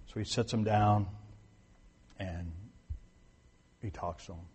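A man's voice: on the low side, fairly even intonation, takes it slowly, darkish tone, big-room sound, a little hiss or hum. A man preaching a sermon in a conversational way, repeating his points for emphasis and restarting sentences. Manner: restarts and corrects himself mid-sentence. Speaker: pastor.

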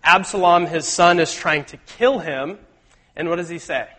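A man preaching a sermon in a casual, animated way, acting out the lines he quotes. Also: a little high, moderate pace, breathy edge. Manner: conversational, animated, acts out quotes. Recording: long hall reverb.

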